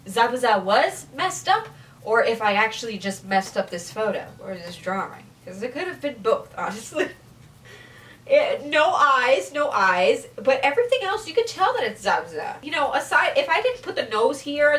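A woman's voice: fairly high pitch, a bit bright, distant mic. A young woman chatting casually in a vlog, giggly and self-mocking as she looks back on old drawings. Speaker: youtuber. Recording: mic set back, faint ambient noise.

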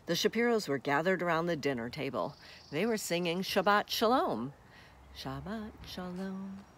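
A woman reads a children's picture book aloud in a friendly manner, turning to talk to young listeners. Her voice has a lively, animated range, and faint noise sits underneath it. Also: lowish voice, fairly quick. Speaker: storybook reader.

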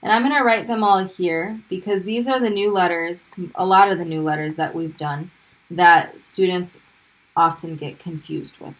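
Slow, patient woman teaching Arabic sounds. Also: lowish voice, low-quality recording. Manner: patient, repeats sounds slowly for drilling. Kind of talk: recorded video lesson.

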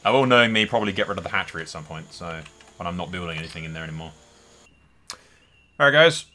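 A man's voice: low voice, animated, quick pace, sharp tone, slight background noise. A man doing casual let's-play commentary, thinking aloud and swearing often. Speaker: gameplay host.

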